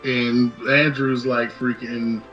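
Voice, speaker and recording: A man recaps a film in loose, slangy chat, jumping into the characters' lines as he goes. His voice sits at an ordinary middle pitch. Faint music plays quietly behind him. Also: flat delivery, slow, lo-fi sound. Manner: loose slangy storytelling, acts out quotes. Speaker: movie reaction co-host. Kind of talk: casual movie recap chat.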